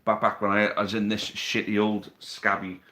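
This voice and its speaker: A man's voice: fairly low pitch, completely flat delivery, normal speed, pushed and bright. Chatty man on a live stream. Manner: chatty, reads out viewer questions, teasing banter. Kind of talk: casual live stream chat. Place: living room at home. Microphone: phone on a tripod.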